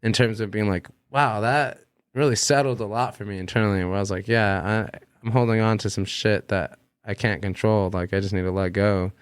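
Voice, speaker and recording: A man's voice: fairly low pitch, steady tone, fairly quick, smooth, no echo. A young adult man, a musician guest, telling a long story casually, full of fillers and swearing. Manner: rambling, heavy on fillers and swearing.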